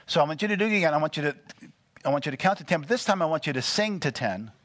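A man preaching a sermon, animated and full of call-and-response questions to the congregation. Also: on the high side, rapid-fire, no room sound. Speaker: pastor.

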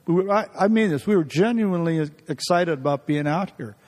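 A middle-aged guest preacher gives a folksy church sermon full of personal stories, chuckling between thoughts and restarting sentences often. His voice sits high for a man and sounds expressive, brisk, and a little mellow, with a long reverb ringing off the hall.

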